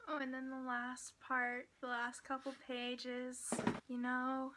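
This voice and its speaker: A young woman chatting casually to camera about a novel she loved, gushing and excitable, dropping into whispers when quoting. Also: high-pitched, slow pace, very noisy. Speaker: book vlogger. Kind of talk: casual book review chat.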